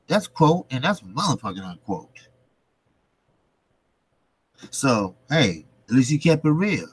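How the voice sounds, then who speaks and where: A man's voice: mid-range voice, sing-song, slow pace, pauses often, husky, dry recording. A man hosting a boxing channel, ranting bluntly and casually, swearing and repeating rhetorical questions. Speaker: boxing commentary channel host.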